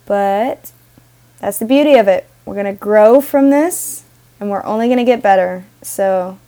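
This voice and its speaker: A woman's voice: medium pitch, measured pace, dark tone. A young woman hosting her own podcast, talking casually in a rambling, self-interrupting way with frequent giggles. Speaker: podcast host.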